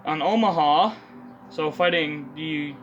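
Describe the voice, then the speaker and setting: A man's voice: on the high side, slow, highs cut off. Young man mumbling through history facts. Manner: stumbling, self-correcting, often mutters asides. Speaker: video creator. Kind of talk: casual unscripted commentary reading facts. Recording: music playing loud under the voice.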